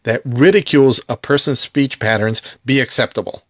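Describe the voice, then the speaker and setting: A man's voice: medium pitch, moderate pace, no echo. Male host, middle-aged, mock-earnest sarcastic commentary, dry close sound. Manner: heavy mock-sincere sarcasm. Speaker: movie collector vlogger. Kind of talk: satirical commentary.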